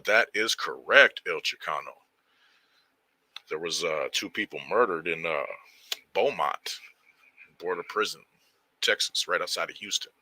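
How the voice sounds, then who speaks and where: A low-pitched man with a sharp, bright edge to his voice chats loosely with his viewers and greets them by name in street slang. The sound is dry and close, with no room around it. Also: dry recording. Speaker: livestream host. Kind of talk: casual livestream chat reading viewer comments.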